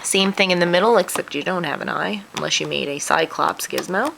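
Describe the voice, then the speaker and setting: A woman's voice: lowish voice, brisk, vocal fry, fairly bright tone, a little hiss or hum, poor audio. A woman hosting a craft tutorial, walking through each step in a chatty, self-deprecating way while sniffling. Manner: chatty, self-deprecating, talks through her hands-on work.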